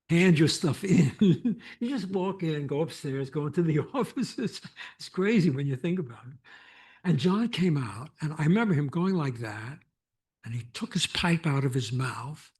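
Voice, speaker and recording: An older man, a photographer, telling anecdotes on a lecture stage in a reflective, animated way with restarts. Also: fairly high pitch, slightly rough. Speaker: photographer guest. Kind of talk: conversational storytelling.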